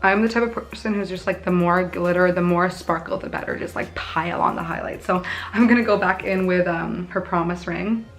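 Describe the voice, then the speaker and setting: A woman's voice: lowish voice, steady tone, a little fast, faint music behind. A young woman in her twenties from Canada, chatting through a casual makeup tutorial with bubbly, self-mocking asides. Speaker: beauty vlogger.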